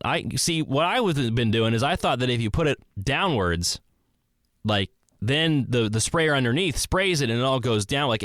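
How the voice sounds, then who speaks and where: A man hosting a solo podcast, thinking out loud in a rambling way, correcting himself and acting out both sides of imagined conversations. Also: medium pitch, no echo, clean studio sound. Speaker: podcast host. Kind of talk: solo reflective monologue.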